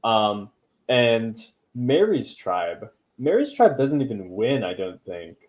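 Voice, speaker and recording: A man's voice: medium pitch, very animated, takes it slowly, a little mellow. A man hosting a podcast in casual chat, rambling with many fillers and throwaway asides. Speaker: podcast host.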